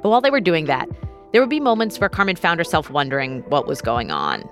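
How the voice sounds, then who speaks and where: A woman hosting a podcast, reading scripted narration in a measured, storytelling way. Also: deep voice, very animated. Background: faint music.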